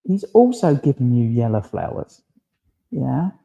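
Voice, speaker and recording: A man working as a medium in a church service, gently relaying spirit messages and checking in with a questioning "yeah?" after nearly every phrase. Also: mid-range voice, very animated, a little slow, gravelly, breathy edge, highs cut off. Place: village hall.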